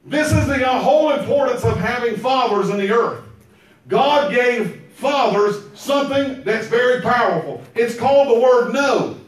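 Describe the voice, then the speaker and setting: A man preaching a sermon, emphatic and repetitive, now and then breaking into shouts. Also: very high voice, lively intonation, measured pace, slight background noise. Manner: emphatic, repeats phrases, bursts into shouts. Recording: very echoey room, mic far off.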